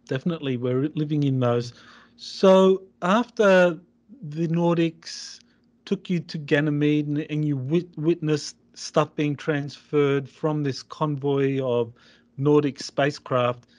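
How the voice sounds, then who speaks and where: A male interviewer with a slightly higher voice, speaking slowly and deliberately. He recaps what he heard and asks his guest to continue. The recording is dry and close. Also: no room sound. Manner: measured, prompting the guest to continue. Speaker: interviewer host. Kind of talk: interview questions.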